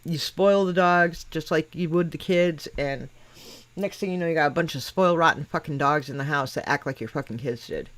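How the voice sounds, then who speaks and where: A middle-aged woman hosts a casual podcast chat, speaking bluntly, swearing constantly and teasing the people she's talking with. Her voice sits low and she talks fairly quickly.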